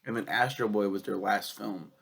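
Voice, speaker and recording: A young man with a cold and a cough, casually reviewing a film, swearing a lot and rambling excitedly. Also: on the low side, moderate pace, vocal fry, husky. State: sick with a cough.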